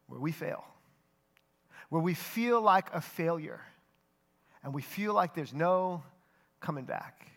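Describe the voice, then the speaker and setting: Young guy preaching, high-ish voice, earnest, goes quiet for the heavy parts. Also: creaky. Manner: earnest storytelling, drops soft for emphasis. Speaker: pastor. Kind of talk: sermon.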